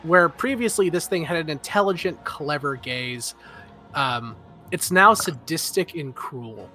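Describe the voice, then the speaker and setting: Man game master, slow and bright, narrating with many ums. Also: on the high side, soft background music. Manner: relaxed, with filler pauses.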